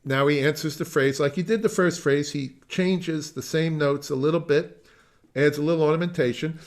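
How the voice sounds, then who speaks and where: A man's voice: a little high, steady tone, moderate pace. Man teaching a music masterclass. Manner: explanatory, digressive, sings phrases.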